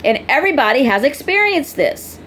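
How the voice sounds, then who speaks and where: A woman's voice: high-pitched, sing-song, brisk, fairly bright tone, slight background noise. A woman vlogger talking casually and bluntly to her viewers, scolding them in a preachy way. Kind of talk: casual direct-to-camera talk.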